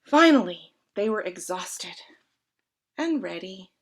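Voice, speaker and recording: A woman reading a children's story aloud at a church service, expressive and speaking directly to her listeners. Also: mid-range voice, slow pace.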